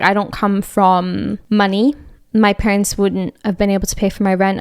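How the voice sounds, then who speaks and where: A woman's voice: mid-range voice, clear, resonant tone, no echo, clean studio sound. A young woman hosting a podcast, talking candidly in a casual chat with frequent fillers. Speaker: podcast host.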